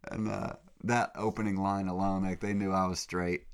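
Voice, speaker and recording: A young man with a cold, hosting a casual podcast monologue in a rambling, excitable way. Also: low voice, moderate pace, clear, resonant tone. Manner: rambling, excitable, full of slang fillers. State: sick, congested. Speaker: podcast host. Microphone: podcast mic.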